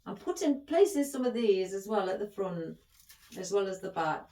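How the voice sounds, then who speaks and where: A woman's voice: mid-range voice, very animated, normal speed, warm tone. A middle-aged woman chatting as she hosts a craft tutorial, rambling and affectionate toward her viewers. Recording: echoey room.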